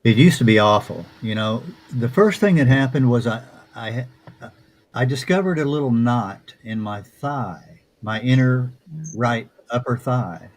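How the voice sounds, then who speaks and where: A man with a Southern accent, a guest author answering interview questions in a reflective, unhurried way with frequent restarts. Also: medium pitch, animated. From Texas. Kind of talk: casual interview talk.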